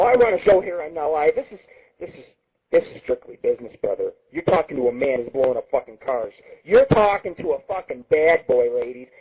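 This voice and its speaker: A man's voice: sits high, breathy edge, muffled recording. Brash ranting man hosting a webcast radio show. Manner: boastful, crude, taunting. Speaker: internet radio show host. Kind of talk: profane ranting monologue. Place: Las Vegas.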